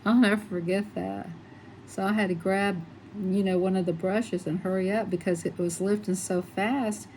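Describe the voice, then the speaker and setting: A woman's voice: mid-range voice, steady tone, normal speed, darkish tone, a little hiss or hum, poor audio. A middle-aged woman chatting casually and rambling as she colors, laughing often. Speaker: coloring channel host. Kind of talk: casual chat while coloring.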